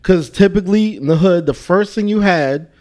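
Higher-voiced man who restarts his words. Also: normal speed, darkish tone. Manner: repeats words as he starts sentences. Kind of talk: casual podcast chat.

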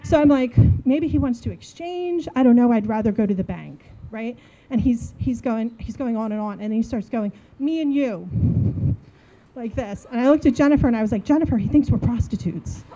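A woman in her forties from New Jersey, telling a funny story in a casual, animated way and acting out the dialogue. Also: fairly high pitch, moderate pace, highs cut off. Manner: animated, acts out dialogue, laughs while telling.

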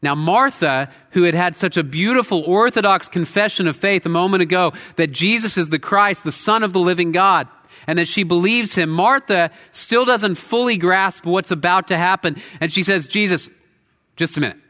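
A man's voice: high voice, normal speed. Man preaching in an echoing church. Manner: earnest, rising to intense emphasis and dropping to quiet. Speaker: pastor. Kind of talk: sermon. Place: church sanctuary. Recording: long hall reverb.

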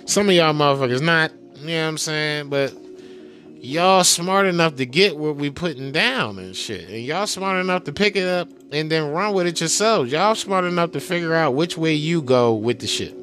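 A man's voice: fairly high pitch, expressive, moderate pace, fairly bright tone. A man hosting a podcast in a casual, profane, exasperated rant to his listeners. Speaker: podcast host.

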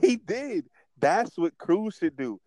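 A young man co-hosting a casual wrestling chat, talking in an animated, rambling way with restarts. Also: high-pitched, takes it slowly, no room sound, poor audio. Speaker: podcast co-host.

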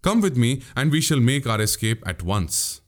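A man's voice: mid-range voice, sing-song, normal speed, lightly acted. A man voicing a crafty older male spy in an audiobook, needling and mocking with pointed questions. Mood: prodding. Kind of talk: audiobook character voice.

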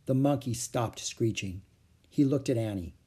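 A man reading a children's chapter book aloud as a storyteller, with expressive, animated delivery. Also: mid-range voice, moderate pace, breathy edge.

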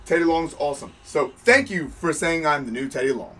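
Playful male co-host with a high voice; recorded from a distance. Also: a little fast, sharp tone. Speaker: podcast co-host. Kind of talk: casual chat.

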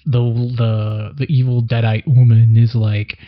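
A man's voice: medium pitch, level tone, unhurried. A young adult man co-hosting a podcast, recapping loosely and swearing casually in rambling chat. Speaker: podcast co-host. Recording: dull lo-fi recording.

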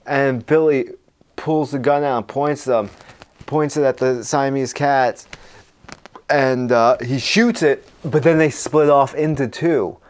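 A man co-hosting a comedy podcast, improvising a horror movie plot in a rambling, energetic way with frequent fillers. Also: mid-range voice, slow pace, a little hiss or hum. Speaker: podcast co-host.

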